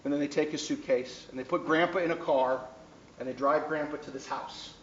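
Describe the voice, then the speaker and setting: A man's voice: on the high side, steady tone, fairly quick, fairly bright tone, recorded from a distance, a little hiss or hum. A man teaching a class, telling a story and often checking in with his students. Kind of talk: classroom lecture. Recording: echoey classroom taped from afar, dull.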